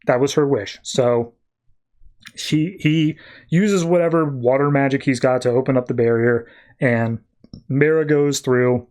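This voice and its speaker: A man's voice: mid-range voice, a little slow, darkish tone. A man hosting a podcast, casually recapping a comic book in a rambling, filler-heavy way. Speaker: podcast host.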